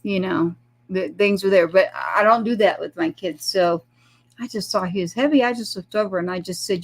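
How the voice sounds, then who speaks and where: Middle-aged Texan mom guest, mid-pitched with some fry, tells an emotional story and acts out the voices she quotes. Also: normal speed. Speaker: guest, military mother.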